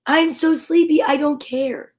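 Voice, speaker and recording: Sleepy storybook bear, played by a woman, big male, slow drawl, stubborn, yawning mood all through. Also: high-pitched, steady tone, a little mellow, pitched above the performer's own voice. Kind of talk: children's storybook reading.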